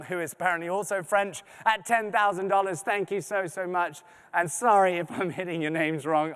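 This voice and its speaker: High-voiced man hosting a charity appeal. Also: fairly bright tone, clear, resonant tone, long reverb tail. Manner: reads donor names, thanks them, joking asides. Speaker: fundraising appeal host. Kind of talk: live charity donation appeal. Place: large arts center venue.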